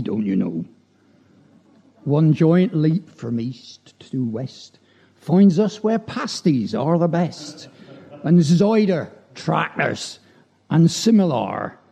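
A man's voice: on the high side, expressive, takes it slowly, gravelly, dark tone, breathy edge. A man at a church gathering, reciting a humorous rhyming poem with chatty, self-deprecating asides between verses. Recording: dull lo-fi recording.

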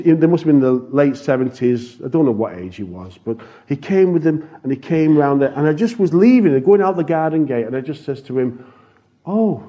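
A man with a mid-range, dark-toned voice earnestly shares a testimony from his mission work with a congregation, restarting a few times. The recording is dull and lo-fi.

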